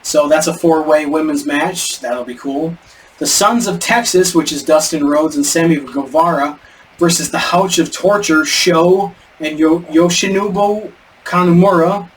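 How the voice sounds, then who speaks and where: A man's voice: fairly high pitch, measured pace. A man co-hosting a podcast in casual chat, rambling and stumbling over names. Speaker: podcast co-host. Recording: distant mic with faint background noise.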